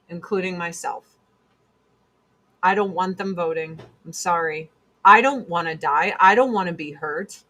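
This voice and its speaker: A woman's voice: mid-range voice, pushed and bright. A woman hosting a casual monologue chat, blunt and emphatic, repeating her points for force. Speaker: host.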